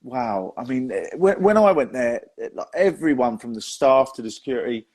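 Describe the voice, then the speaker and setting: A man's voice: medium pitch, expressive, normal speed, a little mellow. A young man hosting a casual chat, telling stories with plenty of laughs and friendly "mate"s. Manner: chatty storyteller, laughs often, says "mate". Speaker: host and magician.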